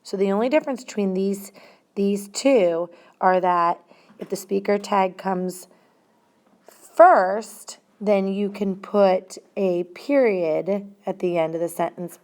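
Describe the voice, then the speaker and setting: A woman's voice: medium pitch, a little slow, a little mellow. A woman teacher giving a grammar lesson, explaining step by step and stressing single words.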